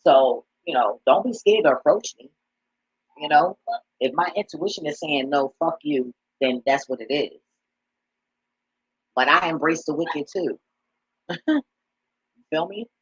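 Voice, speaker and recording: A live-stream host reacting to a clip in blunt, animated, profane casual talk, often laughing. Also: mid-range voice, unhurried, long pauses, breathy edge, dry recording, highs cut off.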